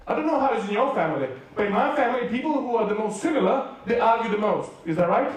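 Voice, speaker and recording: A man's voice: high voice, animated. A man from Serbia with a Serbian accent, preaching a playful, joking sermon to a youth rally. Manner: playful storytelling with jokes and quick asides. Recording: very echoey hall, mic far off.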